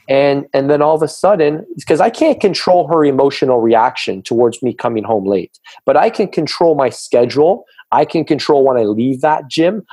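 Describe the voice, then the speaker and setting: A middle-aged man speaks as a fitness coach on a podcast, with a mellow, slightly husky voice. He drives his points home emphatically and slips into quoted voices to act out arguments. The sound is close and dry. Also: medium pitch, no room sound. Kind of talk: casual podcast conversation.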